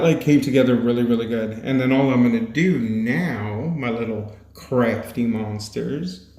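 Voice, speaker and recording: A playful, chatty man talks through a craft tutorial in a relaxed voice-over, laughing easily as he goes. His voice sits at an ordinary middle pitch. The recording carries a noticeable room echo. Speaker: crafting channel host. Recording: echoey room.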